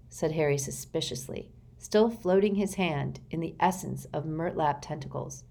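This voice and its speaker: A woman reading an audiobook with expressive storytelling narration. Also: deep voice, normal speed, vocal fry, hardly any pauses.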